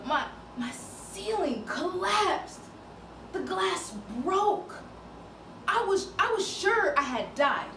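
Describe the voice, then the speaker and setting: A high-voiced woman confides in a slow, emotional theatrical monologue, her pitch rising and falling expressively. She takes her time over each phrase. The room is echoey, with a clear hum of background noise. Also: distant mic. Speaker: actress performing a monologue.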